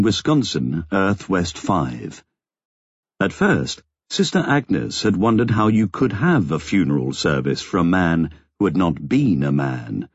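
A man narrating an audiobook in a measured, expressive storytelling manner. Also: low voice, breathy edge, dry recording, lo-fi sound. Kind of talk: scripted narration.

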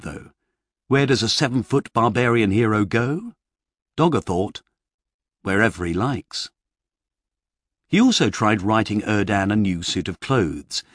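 A man narrating a comic fantasy novel in a wry, measured storytelling manner, recorded close on a studio mic. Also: on the low side, slightly rough, dry recording. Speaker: audiobook narrator. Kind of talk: expressive novel reading.

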